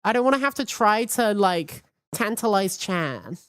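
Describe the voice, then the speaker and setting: A woman's voice: mid-range voice, lively intonation, a little slow, dry recording, clean studio sound. A woman streaming from home, chatting in a hyperactive, cheeky way and swearing freely. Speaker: VTuber streamer. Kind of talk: casual live-stream chat.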